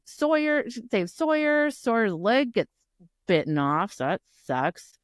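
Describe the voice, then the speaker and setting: A woman co-hosting a podcast, casually recapping a novel with animated retelling and frequent laughter. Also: fairly high pitch, a little slow, no echo, studio quality. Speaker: podcast co-host. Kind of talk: casual book chat.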